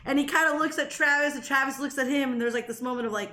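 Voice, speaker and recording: Animated high-voiced woman telling a story. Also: quick pace. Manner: animated, swears freely, laughs while telling a story. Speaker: podcast co-host. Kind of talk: casual storytelling chat. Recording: echoey room.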